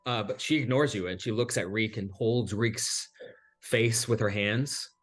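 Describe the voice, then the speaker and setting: Low-voiced man running a tabletop game. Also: measured pace, husky. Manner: descriptive, filler-laden storytelling. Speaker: game master. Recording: faint music behind.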